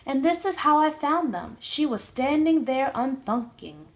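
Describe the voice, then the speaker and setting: A woman's voice: high-pitched, very animated, unhurried. A young woman reading a rhyming children's book aloud in a sing-song way. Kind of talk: storybook read-aloud.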